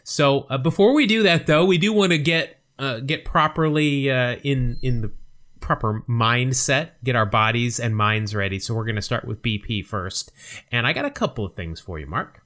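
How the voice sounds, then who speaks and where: A man's voice: mid-range voice, normal speed, fairly bright tone. A man co-hosting a podcast in a casual, upbeat chat, laughing easily. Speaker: podcast co-host.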